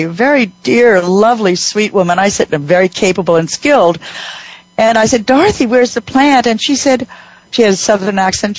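A woman hosting a radio talk show, telling a workplace story with lively acted-out dialogue. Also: medium pitch, no echo, lo-fi sound. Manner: animated storyteller, acts out quoted voices.

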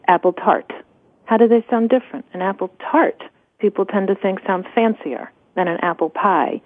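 A woman's voice: on the low side, husky, dry recording. A woman author in a radio interview, explaining with eager enthusiasm. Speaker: author guest. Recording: dry, phone-like radio sound.

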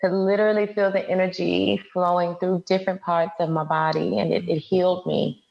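Low-voiced woman with some fry, earnest guest talking slow, kinda dull lo-fi sound. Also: little pitch movement. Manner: earnest, reflective, speaks with feeling. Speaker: guest, movement and Reiki facilitator. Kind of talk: casual interview.

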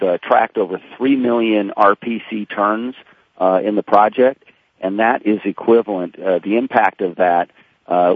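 A man guesting on a radio interview, explaining figures in a halting way with many fillers. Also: on the low side, no echo. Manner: halting, lots of fillers and restarts, factual. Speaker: corporate sustainability guest. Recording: tinny phone line.

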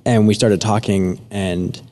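A man, an actor guest on a radio show, telling stories in a relaxed, easygoing way. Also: on the low side, takes it slowly. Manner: relaxed storyteller with fillers and soft laughs. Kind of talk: casual interview chat.

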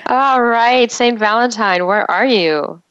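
Slow-talking woman radio co-host. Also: a little high, fairly bright tone, clear, resonant tone, no echo. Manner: easygoing, laughs along, prompts the guest. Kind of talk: casual radio chat. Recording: dull lo-fi radio sound.

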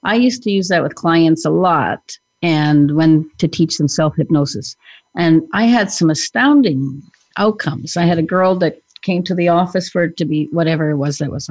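A woman's voice: sits low, normal speed, a little mellow, dry recording, highs cut off. A woman hypnotherapist co-hosting a podcast, talking earnestly about her work with clients in casual chat. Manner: earnest, speaks from client experience.

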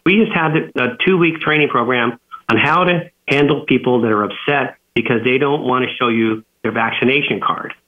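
A man's voice: medium pitch, moderate pace. A man who is an author and businessman, telling a story as an interview guest, with many fillers and restarts. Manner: rambling, frequent fillers and restarts. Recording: tinny phone-line audio.

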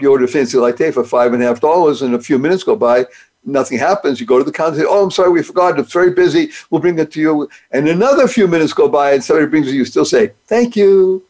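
A man's voice: medium pitch, darkish tone, slightly rough. Upbeat motivational male host. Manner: upbeat, playful, builds acronyms and wordplay. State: speaks despite paralysis from a rare disease. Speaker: podcast host. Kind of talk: motivational monologue.

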